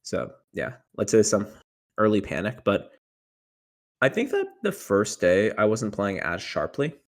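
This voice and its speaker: A young man talking casually in an interview about his tournament run, rambling with lots of fillers and getting animated when retelling moments of panic. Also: on the low side, a little slow. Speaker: tournament winner guest.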